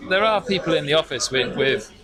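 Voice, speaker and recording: A man from the UK chatting casually, relaxed and repeating words as he goes. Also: fairly high pitch, brisk. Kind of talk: casual chat. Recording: crowd chatter behind.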